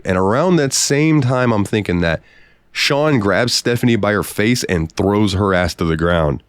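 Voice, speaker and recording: Low-voiced man telling rowdy stories. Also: unhurried, smooth, no echo, studio quality. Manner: profane, animated anecdote-telling. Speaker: podcast co-host. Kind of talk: casual storytelling.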